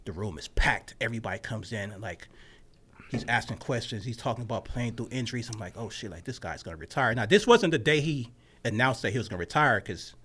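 A man telling a story in a casual podcast chat, with a lively delivery that drops to hushed asides and bursts into loud laughs. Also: mid-range voice, fairly quick, a little hiss or hum. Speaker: podcast host and sports reporter.

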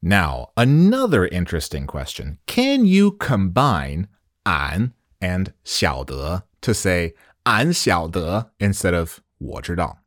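A man's voice: deep voice, huge pitch swings, takes it slowly, no echo, clean studio sound. A man whose first language is English, hosting a solo podcast lesson on Mandarin slang in a playful, chatty way with jokes and rhetorical questions.

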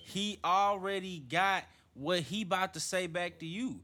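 A man's voice: high voice, unhurried, a little hiss or hum. A young man in loose, profane chat with friends, jumping in with reactions and stories. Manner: lively, profane, jumps in with reactions. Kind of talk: casual chat among friends.

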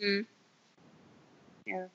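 A young woman co-hosting a casual chat podcast, playful and quick to giggle. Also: a bit bright. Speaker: podcast co-host. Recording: dull lo-fi audio.

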